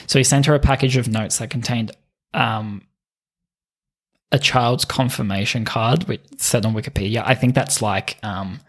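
In loose conversation on a podcast he co-hosts, a man recounts stories while giggling and swearing a lot. His medium-pitched voice holds a steady tone at a moderate pace.

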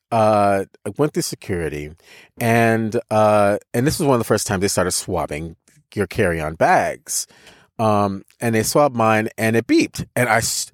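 A man's voice: fairly low pitch, no room sound, clean studio sound. Stammering American man telling a story. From United States. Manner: emphatic, with frequent restarts and stammered repeats. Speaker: podcast co-host. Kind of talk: personal storytelling in casual conversation.

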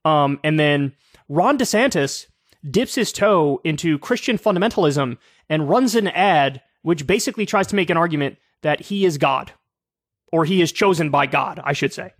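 Male host, 30s, higher-pitched, sarcastic and casual, close dry mic. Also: expressive, normal speed, dry recording. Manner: casual, profane, sarcastic, lots of fillers. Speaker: political commentary show host. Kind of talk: casual solo political commentary.

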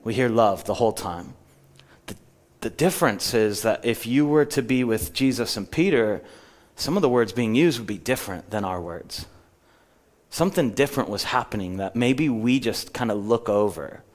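A man's voice: mid-range voice, lively intonation. Middle-aged male pastor, mid-range voice, preaching and retelling a story. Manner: storytelling, slows down for emphasis and quotes. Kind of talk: sermon. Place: church.

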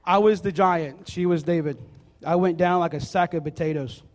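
Man, high voice, casual jokey sermon, bible reading, chatty fillers. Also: steady tone, normal speed, a little mellow, long reverb tail. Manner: jokey, chatty, fillers, asks the crowd to repeat words. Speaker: youth preacher.

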